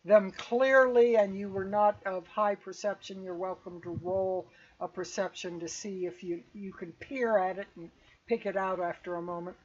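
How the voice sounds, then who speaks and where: A woman running a tabletop game as game master, describing scenes in a measured way with hesitant restarts. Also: medium pitch, fairly even intonation, a little mellow. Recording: dull lo-fi audio.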